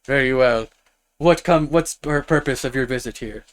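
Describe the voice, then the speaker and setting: Guy doing a gruff suspicious dwarf guard, blunt, barks his questions, smooth voice. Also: medium pitch, normal speed, lightly acted.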